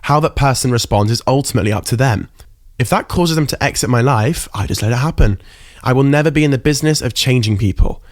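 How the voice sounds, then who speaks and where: A man's voice: medium pitch, fast, no room sound. A young man hosting a solo podcast, talking candidly and emotionally, close to tears, with casual swearing. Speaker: podcast host.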